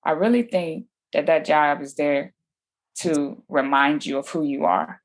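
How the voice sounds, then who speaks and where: Slangy, animated woman with a lowish voice. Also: unhurried. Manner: animated, slangy, acts out quoted dialogue. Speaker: podcast guest. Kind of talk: casual storytelling interview.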